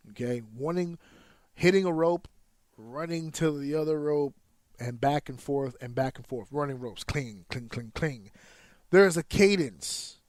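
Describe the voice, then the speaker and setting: A man hosts a podcast in a casual, profane monologue, his voice sitting a bit high for a man. He counts out rhythms with clipped sound effects to make a point. The recording is dry, with no room sound. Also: no room sound. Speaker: podcast host and wrestler.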